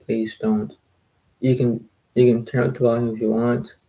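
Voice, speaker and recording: A man talking quietly and softly to his viewers in a casual, rambling recap, often circling back to the same phrases. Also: medium pitch, little pitch movement, normal speed, low-quality recording. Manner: quiet, soft-spoken, repetitive and rambling. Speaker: poker video creator.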